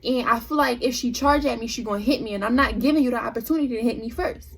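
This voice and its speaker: High, husky young woman telling a story. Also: fast. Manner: animated, emphatic storytelling. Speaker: vlogger. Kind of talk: storytime vlog.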